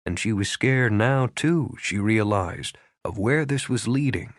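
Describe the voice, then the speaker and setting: Expressive male audiobook narrator. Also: fairly low pitch, unhurried, hardly any pauses, no room sound, clean studio sound. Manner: expressive storytelling. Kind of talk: scripted narration.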